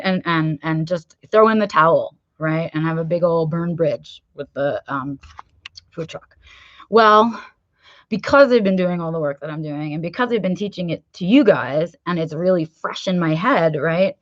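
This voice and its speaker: A woman's voice: sits low, moderate pace, no room sound, lo-fi sound. A woman from New York hosting a casual livestream, telling a story candidly with frequent "right?" checks and some swearing. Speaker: livestream host.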